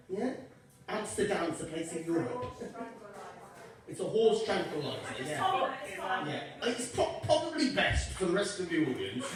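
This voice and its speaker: Guy doing stand-up, swears a lot, teases the crowd, voice bounces way up and down, very echoey room. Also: high voice. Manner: cheeky, crowd-working, sweary. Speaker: stand-up comedian. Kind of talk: stand-up comedy set. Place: comedy club stage with audience. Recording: echoey club from a distance.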